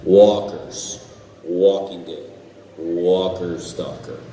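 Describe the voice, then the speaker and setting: A man on a convention panel telling animated stories, swearing and laughing as he goes. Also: deep voice, very slow, a little hiss or hum. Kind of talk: storytelling on a panel. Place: large convention hall. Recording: echoey hall, far from mic, faint ambience.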